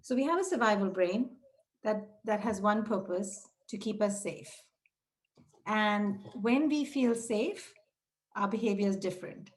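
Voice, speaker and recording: A woman's voice: expressive, measured pace. A middle-aged woman presenting a training webinar for childcare leaders, speaking directly to listeners and acting out short quoted exchanges. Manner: breaks into quoted dialogue with raised pitch. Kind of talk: webinar teaching talk.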